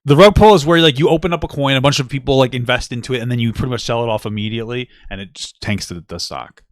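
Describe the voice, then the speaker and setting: A man's voice: medium pitch, quick pace, dry recording, clean studio sound. A young man, a podcast co-host, chatting casually with his partner, swearing freely and telling stories with bursts of laughter. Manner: loose, profane, storytelling with bursts of laughter. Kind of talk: casual couple chat.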